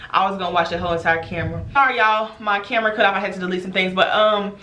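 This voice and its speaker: A woman, a former teacher, telling a storytime vlog in an animated, emphatic way, speaking straight to her viewers. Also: medium pitch, racing, echoey room. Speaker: teacher and vlogger.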